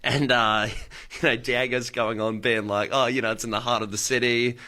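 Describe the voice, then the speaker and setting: A man co-hosting a breakfast radio show, chatty and quick to laugh as he tells stories. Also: mid-range voice, level tone, bright, forceful tone. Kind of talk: casual radio banter.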